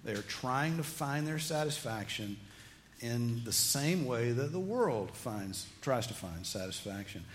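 A man's voice: medium pitch, lively intonation, unhurried, slight background noise. A man preaching a sermon, reading scripture aloud and explaining it with rising emphasis. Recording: long hall reverb, faint ambience.

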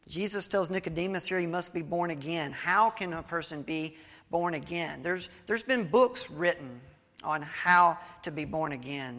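A man's voice: fairly high pitch, sharp tone. A male pastor giving a sermon, reading scripture and telling a story in a conversational preaching manner with small restarts. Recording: long hall reverb.

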